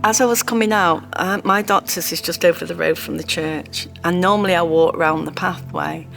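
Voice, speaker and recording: A woman telling her own story in a heartfelt, halting way. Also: fairly low pitch, fairly even intonation, creaky, a bit bright, soft background music. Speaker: interviewee sharing her story. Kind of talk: personal testimony.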